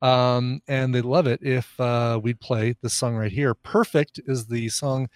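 A man co-hosting a podcast in relaxed, rambling casual chat, often pausing with ums and laughing along. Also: medium pitch, no room sound, clean studio sound. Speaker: podcast co-host.

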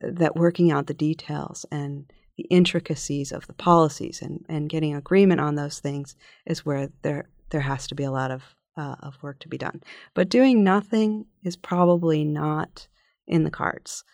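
Woman, policy guest, podcast interview, thoughtful, filler-laden, gravelly, dry close sound. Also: low-pitched, fairly even intonation, a little mellow, no echo. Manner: measured, thoughtful, with frequent fillers and restarts.

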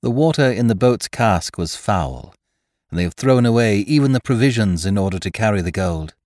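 A man's voice: on the low side, lively intonation, normal speed, darkish tone, no room sound, studio quality, pitched above the performer's own voice, lightly acted. A man voicing a plain-spoken, practical young woman in a sea story. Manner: matter-of-fact.

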